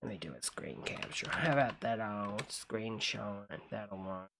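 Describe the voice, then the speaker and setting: A woman's voice: a bass voice, a little slow, background noise. A woman hosting a casual live stream, chatting with viewers and calling everyone honey.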